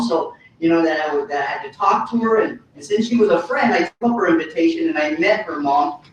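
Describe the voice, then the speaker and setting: A man giving a motivational business talk, telling his story in an animated, folksy way with punchy repetition. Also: muffled recording. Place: hotel ballroom. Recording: echoey hall from far off, faint rumble.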